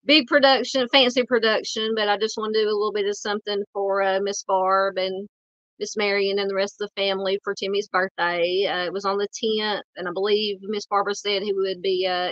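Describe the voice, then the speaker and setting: Southern female host, chatty, halting delivery, dry and slightly muffled sound. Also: mid-range voice, fairly bright tone, no room sound. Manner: chatty, many fillers and restarts. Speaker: true crime channel host. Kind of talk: casual update on missing persons.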